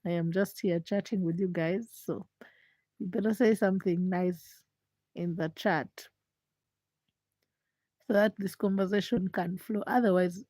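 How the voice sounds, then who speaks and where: A young woman who is sick with a hoarse, froggy voice and a stuffed nose, chatting casually and teasingly with viewers on a late-night livestream from home. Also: fairly even intonation, a little slow, long pauses, warm tone, no echo. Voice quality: deep, froggy voice. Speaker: livestream host.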